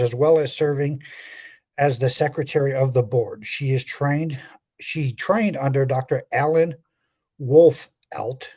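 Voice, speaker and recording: A man's voice: medium pitch, warm tone. A man co-hosting a pet podcast, reading a guest's bio with wry asides and stumbling over a few names. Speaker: podcast co-host.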